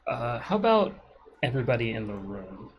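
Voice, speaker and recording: Gravelly-voiced male player, joking. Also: mid-range voice, big pitch swings, normal speed, muffled recording, a little hiss or hum. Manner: joking, bargaining with the game master. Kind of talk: casual tabletop role-play.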